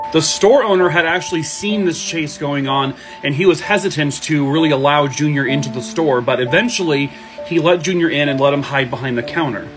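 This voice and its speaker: A man hosting a true crime video, telling cases in a blunt, casual way and swearing freely, with background music. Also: fairly high pitch.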